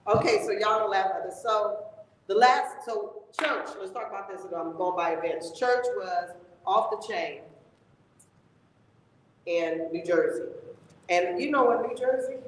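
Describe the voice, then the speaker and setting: A woman tells stories in lively casual chat, voicing every side of an argument. She sounds distant from the mic, in a very echoey room with a long reverb tail and faint background noise. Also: medium pitch, a little slow, pauses often. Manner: animated, retells arguments with quoted dialogue. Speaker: co-host.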